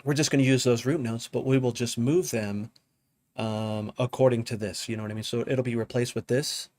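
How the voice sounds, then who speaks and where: In his home studio, a man casually teaches drum programming in a live tutorial, thinking out loud and often asking "you know what I mean?" His mid-range voice is steady, brisk and slightly mellow.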